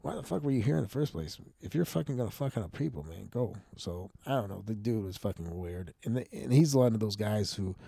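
Gravelly, husky man rambling profanely. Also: on the low side, dark tone, dry recording, clean studio sound. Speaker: podcast host. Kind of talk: casual rambling monologue.

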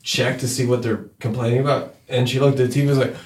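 A man's voice: medium pitch, quick pace, echoey room. A man co-hosting a casual movie review chat, laughing and swearing as he tells stories. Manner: laughing, profane, animated storytelling. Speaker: podcast co-host.

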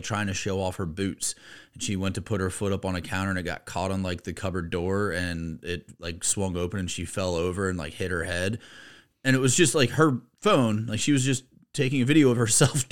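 A man co-hosting a podcast in casual chat, conversational and loose, with his voice jumping up when he gets animated. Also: sits low, normal speed. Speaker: podcast co-host.

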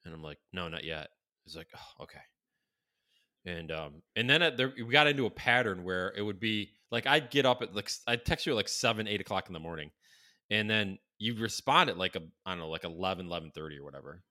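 Bright-voiced man rambling through a story. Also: low voice, expressive, fast talker. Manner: rambling, profane, many fillers and restarts. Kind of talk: casual storytelling chat.

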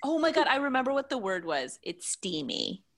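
A woman's voice: high-pitched, sing-song, quick pace. A woman co-hosting a casual chat, talking with many laughs and wandering off on tangents. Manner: chatty, laughs often, goes off on tangents. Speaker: podcast co-host.

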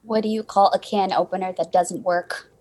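A woman on a radio show reading jokes aloud in a flat, deadpan way. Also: medium pitch, moderate pace. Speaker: radio co-host.

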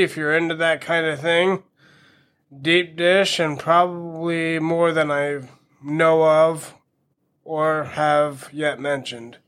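A man's voice: on the high side, a bit bright. A man of around thirty hosting a casual solo podcast, talking in a wry, self-mocking way with crude jokes. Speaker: podcast host.

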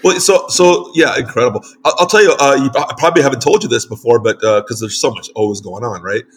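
A man's voice: medium pitch, fast, slightly rough. An American man from New York, hosting a casual interview. He tells stories animatedly, with lots of restarts and quoted dialogue. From United States. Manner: animated storytelling with frequent restarts. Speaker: show host and site publisher. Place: home in northern Mexico.

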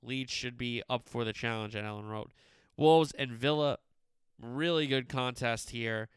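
A man's voice: medium pitch, unhurried, smooth, no echo. A young man runs through the weekend's fixtures in a loose, opinionated sports-show chat, tossing in slangy asides. His voice is very clean and resonant, recorded close and dry with no room sound. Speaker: sports podcast host. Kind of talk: casual sports preview chat.

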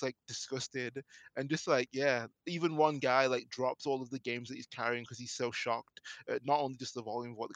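A man's voice: mid-range voice, a bit bright, no echo. A man chatting on a podcast, telling stories with lots of fillers and restarts. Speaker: podcast co-host. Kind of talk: casual podcast chat.

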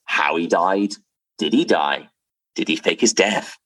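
A man telling a story to camera about his drinks brand, rambling and excitable, with many restarts and fillers. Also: deep voice, measured pace.

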